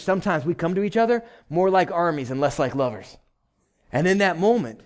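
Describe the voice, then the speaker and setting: Emphatic male pastor preaching. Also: fairly high pitch. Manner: emphatic, direct exhortation in short repeated phrases; conversational, checks in with "right?". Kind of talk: sermon.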